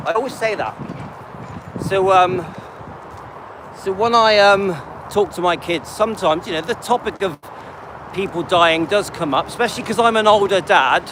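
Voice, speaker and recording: A man's voice: sits high, normal speed, long pauses, background noise. A man in his late fifties chatting casually on a livestream while walking his dog, rambling and talking to viewers by name. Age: 50s. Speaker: livestream host.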